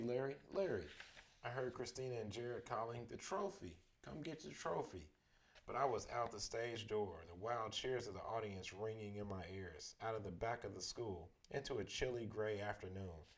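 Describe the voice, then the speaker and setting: A man reading a chapter book aloud as a bedtime story, with steady, expressive first-person narration. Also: on the low side. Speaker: storybook reader.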